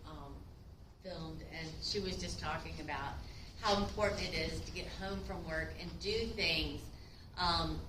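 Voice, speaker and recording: A woman's voice: lowish voice, expressive, measured pace, roomy sound, recorded from a distance, noisy background. A woman instructor giving a casual classroom lecture, chatty and acting out short quotes.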